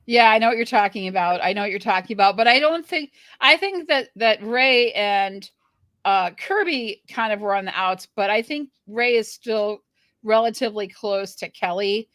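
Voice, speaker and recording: A woman's voice: medium pitch, moderate pace, a bit bright, no echo. Chatty woman, dry close sound. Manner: chatty, hedging opinions. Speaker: podcast co-host. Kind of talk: casual recap chat.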